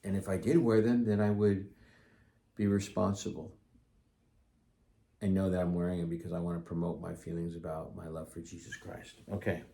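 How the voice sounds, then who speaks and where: Deep-voiced earnest middle-aged man. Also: level tone, normal speed, vocal fry, dark tone. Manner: earnest, rambling, with restarts and asides. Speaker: podcast host. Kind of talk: casual solo talk.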